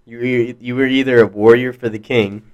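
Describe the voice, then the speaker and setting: A man's voice: medium pitch, fairly even intonation, moderate pace, darkish tone, clear, resonant tone, highs cut off. A young man co-hosting a podcast in casual chat, blunt and profane, often restarting his sentences. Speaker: podcast co-host.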